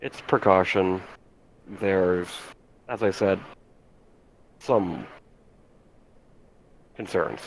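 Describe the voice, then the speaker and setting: A man with a very low, gravelly voice plays his starship officer in a tabletop game. He speaks calmly and evenly over a faint hiss of background noise. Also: very slow, pauses often, low-quality recording. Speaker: player. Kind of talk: playing a character in a tabletop game.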